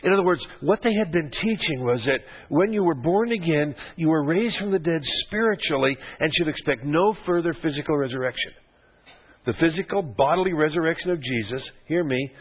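A man's voice: a little high, husky. An older man preaching a sermon as pastor, teaching from scripture with joking, conversational asides to the congregation. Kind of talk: expository sermon. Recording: phone-like lo-fi radio broadcast.

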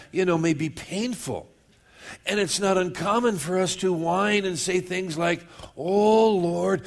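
Guy preaching a sermon, slightly high voice, punchy and emphatic, slows way down on verses. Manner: emphatic, slows down for scripture, quick asides. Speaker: pastor.

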